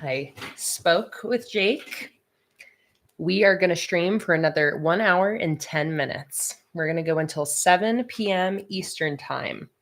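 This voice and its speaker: A woman's voice: on the low side, unhurried, noisy background. A woman, chatting casually on a live stream from her online shop. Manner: animated, chatty, coos baby talk at her cat.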